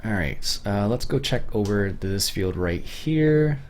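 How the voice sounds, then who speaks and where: A man's voice: on the low side, lively intonation, takes it slowly, a little mellow. A young Canadian man from Ontario chatting casually through a livestream, rambling with fillers and restarts. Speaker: streamer.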